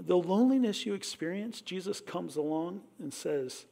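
A middle-aged man, a pastor, preaching a sermon with emphatic delivery, often dropping to a hushed tone and repeating "listen" to draw in his congregation. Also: high-pitched, lively intonation, moderate pace, vocal fry, hardly any pauses.

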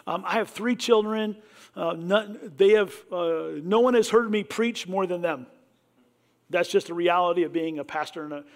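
A middle-aged man with a notably high-pitched voice delivers a sermon. He preaches with emphatic swells, then falls to a hushed tone. He keeps calling his listeners back with a repeated "listen.". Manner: repeats "listen" to address the congregation. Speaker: pastor.

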